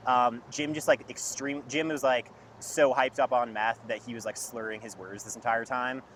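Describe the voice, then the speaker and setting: A man's voice: medium pitch, fairly even intonation, normal speed, fairly bright tone, slight background noise. A young man telling a long story in casual chat, rambling and filling his sentences with "like". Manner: rambling storyteller, heavy use of "like". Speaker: podcast guest.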